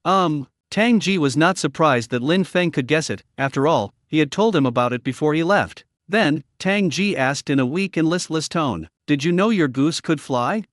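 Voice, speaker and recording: A man's voice: on the high side, expressive, moderate pace, few pauses, fairly bright tone, no echo, clean studio sound. A man narrating a recap of a comic story in a scripted reading style, voicing each character's lines in his own voice.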